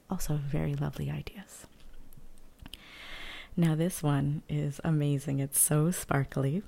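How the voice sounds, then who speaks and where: Husky, whispery low-voiced woman. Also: steady tone. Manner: whispered and hushed, slow and gentle; thinks aloud with hesitant fillers. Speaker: vlogger. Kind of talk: soft-spoken ASMR show-and-tell.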